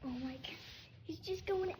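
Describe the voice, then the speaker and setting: A woman's voice: high-pitched, normal speed, a little hiss or hum. A young woman filming her pet bird at home on a phone, cooing at him and giggling. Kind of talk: casual home vlog. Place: home kitchen, indoors. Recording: dull lo-fi sound.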